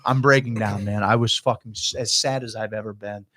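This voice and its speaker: A man's voice: lowish voice, fairly even intonation, brisk, pushed and bright. Profane, rambling man telling a story. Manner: heavy swearing, emotional and rambling; quotes his own past thoughts aloud. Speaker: podcast guest. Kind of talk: casual podcast storytelling.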